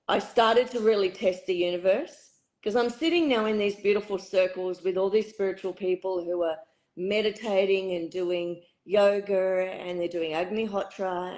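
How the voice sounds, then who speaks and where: A middle-aged woman with a hoarse, husky voice, a spiritual retreat facilitator telling her story candidly in an interview. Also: medium pitch, a little mellow, low-quality recording. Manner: candid, reflective, uses fillers. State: hoarse, croaky throat.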